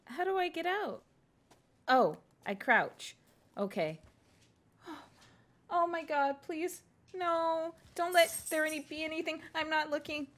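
Young woman, horror game streamer; high-ish, swooping voice, slow delivery, whispery nerves and sudden yelps. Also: expressive, fairly bright tone. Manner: scared and jumpy, whispering and exclaiming, thanking viewers. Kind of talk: live horror game commentary.

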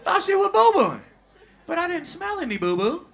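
A man doing stand-up comedy, telling a story in an animated, profane way and acting out the lines of people in it. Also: very high voice, normal speed, creaky, a faint crowd. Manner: animated, profane, acts out quotes.

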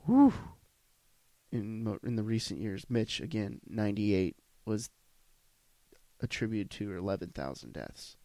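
A man's voice: fairly low pitch, sing-song, measured pace, warm tone, dry recording. Blunt, profane man ranting solo. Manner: blunt, profane, rambling with restarts. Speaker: podcast host. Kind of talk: solo rant podcast.

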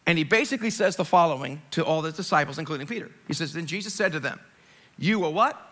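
A man from Long Island preaching an Easter sermon in a church, animated and conversational, with jokes and asides, swinging from loud to hushed. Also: fairly high pitch, rapid-fire. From Long Island, New York. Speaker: pastor. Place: church sanctuary, live service.

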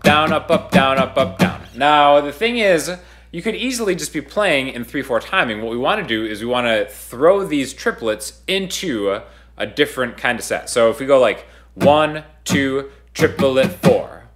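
Over guitar music, a man gives a casual video guitar lesson in a loose, conversational way, counting beats aloud in rhythm. His mid-range voice is a bit bright.

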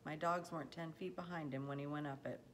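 A woman's voice: low-pitched, steady tone, fast, fairly bright tone, a little hiss or hum. A woman reading aloud as a determined young farm boy who speaks earnestly and pleadingly.

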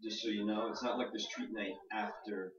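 A man's voice: on the low side, little pitch movement, a little fast, a crowd in the background. A man teasing from across the room, speaking dryly. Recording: distant roomy lo-fi capture.

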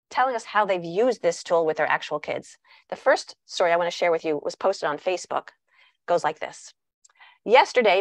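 A middle-aged woman, a parenting author and speaker, addresses parents in a lowish voice on a recording with no room sound. She is animated, acting out the lines of both children and parents as examples.

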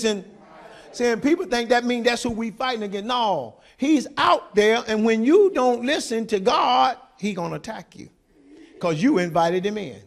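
A male pastor preaches with passion, his high voice swinging widely up and down. He calls out to the congregation for responses, and a gravelly rasp runs through his delivery. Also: sing-song, normal speed. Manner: impassioned preaching with call-and-response. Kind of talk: sermon.

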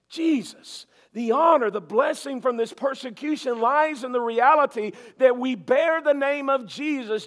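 A male pastor preaching a sermon, emphatic and repetitive, swinging from loud to soft. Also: extremely high pitch.

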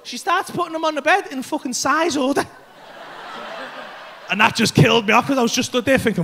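A man in his thirties performing a stand-up comedy set on a club stage, telling a brash, sweary story with bursts of shouting into a handheld mic. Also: extremely high pitch, lively intonation, brisk, gravelly, long pauses.

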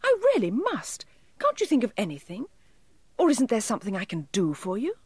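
A woman voicing a tiny, eager, fretful male elf with a small silvery voice, high and pleading, in a storybook reading. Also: very animated, a little fast, husky, no echo.

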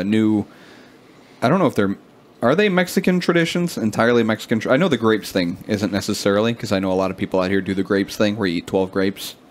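A man in his twenties co-hosting a casual podcast, chatting easily and reading brewery blurbs aloud. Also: on the low side. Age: 20s. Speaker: podcast co-host. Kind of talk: casual chat.

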